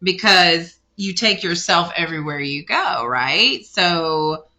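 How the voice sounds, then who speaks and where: A woman's voice: on the low side, lively intonation, takes it slowly. A woman giving a casual spiritual card reading, rambling and correcting herself as she speaks straight to the listener. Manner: rambling, self-correcting, warm addressing of listener. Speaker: tarot card reader.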